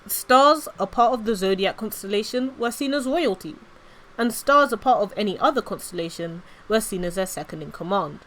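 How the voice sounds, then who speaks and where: A woman streamer reading her own story aloud with expressive storytelling narration. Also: medium pitch, normal speed, rough recording.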